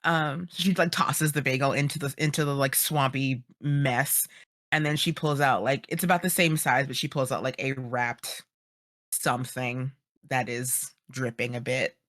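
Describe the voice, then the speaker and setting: A woman's voice: a bass voice, fairly even intonation, moderate pace, fairly bright tone, no echo, clean studio sound. A woman playing a tabletop role-playing game, chatty and hesitant with many fillers. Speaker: player. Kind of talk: casual tabletop play.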